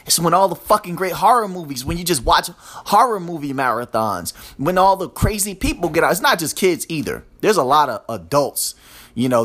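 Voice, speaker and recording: A man's voice: on the high side, a bit bright. Foul-mouthed ranting man with a raised voice. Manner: crude, swearing, sarcastic, mocking; talks to his listeners directly. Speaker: podcast host. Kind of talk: profane solo rant.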